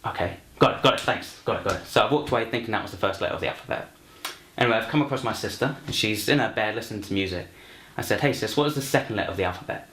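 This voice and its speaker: A man's voice: fairly low pitch, racing, fairly bright tone, slight background noise. A young man introducing himself and telling a comic story, rambling with many fillers and restarts. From London. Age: young adult. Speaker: university student, actor. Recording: roomy echo, faint music.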